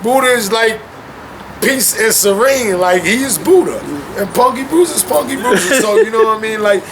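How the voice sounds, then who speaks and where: With a crowd audible behind him, this young male guest speaks in a high voice at a moderate pace. He's home with his dogs, chatting in an animated, slangy way and saying "man" nearly every other thought.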